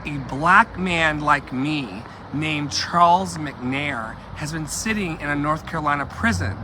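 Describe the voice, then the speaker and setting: A man talks outdoors into his phone, emphatic and repetitive, turning aside to his viewers. His voice sits high and bright, and he takes his time over each phrase. Faint traffic hums in the background. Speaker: activist vlogger. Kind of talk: impassioned street vlog. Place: outdoors on a street, walking.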